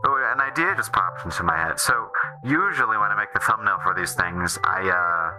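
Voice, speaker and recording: A man's voice: lowish voice, animated, a little fast, pushed and bright, faint music behind, poor audio. A man streaming a game, chatting casually in a rambling way that keeps restarting and trailing off. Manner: rambling, self-interrupting, restarts often.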